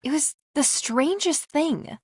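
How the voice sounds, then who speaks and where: A woman's voice: high voice, expressive, slow pace, no echo, clean studio sound, voice pushed up. A woman voicing a shy, anxious young woman with a lifted, girlish tone, in a storybook reading. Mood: lively.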